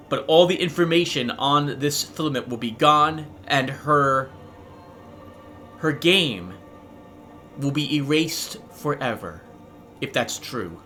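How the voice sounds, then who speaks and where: A man hosting a let's play, reading game dialogue aloud and reacting excitably with sudden outbursts. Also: on the high side.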